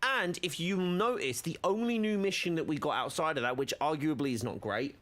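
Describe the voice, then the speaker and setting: A man's voice: fairly high pitch, a little fast, a bit bright. A man streaming a video game, chatting casually with many fillers and restarts. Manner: rambling, filler-heavy, self-correcting.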